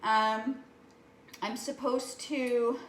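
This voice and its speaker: A woman's voice: on the high side, steady tone, drawn-out words, echoey room, a little hiss or hum. A woman talking casually to the camera while cooking, rambling and chatty, often asking "right?". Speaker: cooking vlogger. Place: kitchen. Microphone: camera mic.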